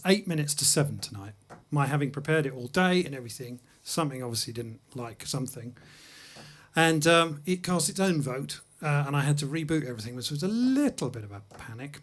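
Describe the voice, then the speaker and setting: A man's voice: a little high, fairly bright tone. A man from England hosting a music livestream, chatting casually between songs in a studio with self-deprecating, anecdotal humor. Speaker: host and jazz pianist-singer.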